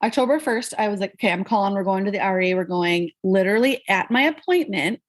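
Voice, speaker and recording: A woman casually telling a long personal story as a podcast guest, animated and acting out the people she quotes. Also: quick pace. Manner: animated, acts out quoted people with pitch jumps.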